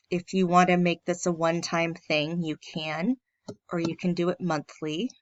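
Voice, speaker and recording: A woman on a church staff talks through a casual screen-recorded online tutorial, giving a friendly, plain step-by-step walkthrough with filler ums. Her voice is on the low side, with no room sound and the highs cut off.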